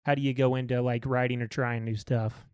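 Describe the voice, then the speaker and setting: A man's voice: medium pitch, flat delivery, a little fast, darkish tone, clean tone, no room sound, clean studio sound. A congested man hosting a casual podcast interview, easygoing and agreeable, with many fillers. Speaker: podcast host.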